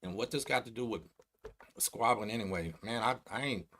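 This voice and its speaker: A middle-aged man from Texas with a Texan accent, hosting a casual livestream and talking slowly, bluntly and streetwise. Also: lowish voice, a bit bright, slight background noise. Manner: slow, blunt, streetwise talk. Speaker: host.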